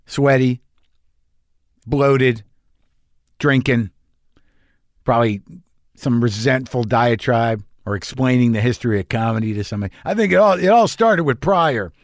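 A man's voice: mid-range voice, unhurried, pauses often, dry recording, studio quality. A middle-aged male comedian telling a confessional story in a blunt, profane, self-mocking manner.

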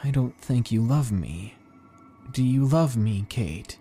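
An obsessive, possessive young man speaks with unsettling intensity, voiced by a male narrator. His low voice stays close and menacing. Faint music hums in the background. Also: animated, measured pace. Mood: creepy. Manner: creepy, intense, shifting from angry to soft.

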